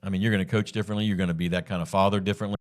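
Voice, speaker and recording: Encouraging low-voiced podcast host. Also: male voice, level tone. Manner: encouraging, quick affirmations. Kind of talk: casual interview.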